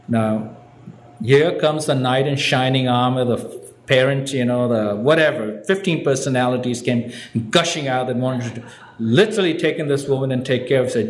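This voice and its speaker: A man's voice: mid-range voice, moderate pace, darkish tone. A man from India telling his life story from a podium, wry and self-mocking, with audience laughter in the room. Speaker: recovery meeting speaker. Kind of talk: personal story told from a podium. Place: meeting hall with an audience. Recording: echoey room.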